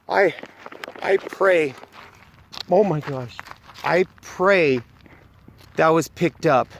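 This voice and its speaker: This ghost-hunting vlog host is a man whose voice sits on the high side, with a little hiss or hum on the recording. Out in a cemetery at night, he speaks into his handheld camera mic, frequently exclaiming and looping back to short phrases.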